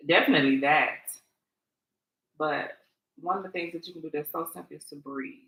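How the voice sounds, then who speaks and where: A woman co-hosting a podcast, chatting calmly and guiding with soft, unhurried words. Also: low-pitched. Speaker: podcast co-host. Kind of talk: casual chat. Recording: echoey room, distant from the mic.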